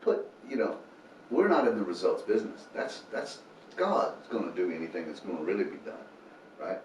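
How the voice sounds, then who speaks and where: Low-voiced man telling a faith story. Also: normal speed. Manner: animated storyteller, acts out quotes. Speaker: founder of a homeless ministry, guest. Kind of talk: earnest faith storytelling in an interview. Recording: roomy room, distant mic, faint noise.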